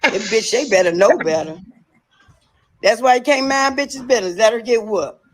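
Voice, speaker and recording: High-voiced woman barking repeated orders. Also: expressive, normal speed, no echo, poor audio. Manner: loud, profane, repeats commands over and over. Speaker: woman filming a live video. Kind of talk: heated livestream confrontation.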